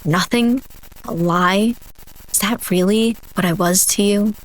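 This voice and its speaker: A woman's voice: mid-range voice, measured pace, lightly acted, low-quality recording. A woman voicing the bitter ghost of a dead spouse, speaking in a cold, accusing way.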